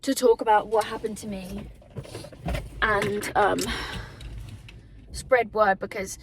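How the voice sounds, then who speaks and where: A woman's voice: mid-range voice, steady tone, slow pace, a little hiss or hum. Emotional, confessional woman vlogging. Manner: emotional and confessional, with many fillers and laughs. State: tearful at times. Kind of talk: candid personal vlog to camera.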